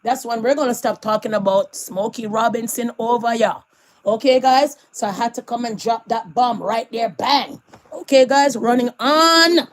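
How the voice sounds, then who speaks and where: A woman dishes celebrity gossip on her vlog. Her voice sits a little high, and she talks with a sassy edge, laughing often between remarks. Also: moderate pace, darkish tone, slight background noise. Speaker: vlogger.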